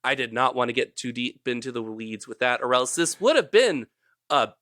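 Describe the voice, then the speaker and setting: A man's voice: medium pitch, lively intonation, moderate pace, sharp tone, no room sound, clean studio sound. A man hosting a casual podcast, explaining history in a rambling, jokey, self-correcting way. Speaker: podcast host presenting research.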